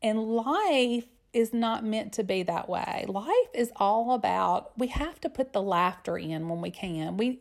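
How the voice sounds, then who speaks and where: A woman, hosting a podcast and chatting casually through listener mail, laughing often and repeating herself for emphasis. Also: on the high side. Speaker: podcast host.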